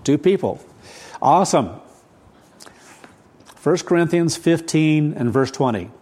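A man in his seventies preaching a sermon, rushed and rambling with frequent restarts, keyed up and hurried. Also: on the high side, animated, dark tone. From United States. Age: 70s. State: adrenaline-charged, hurried. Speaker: pastor. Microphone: camera set up for recorded service.

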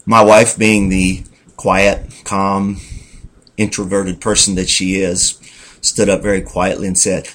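A man's voice: deep voice, little pitch movement, takes it slowly, fairly bright tone. A man giving an earnest, rambling personal testimony in a folksy storytelling manner. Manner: folksy, rambling, talks to himself as "Self"; earnest, reflective. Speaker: church member giving a testimony.

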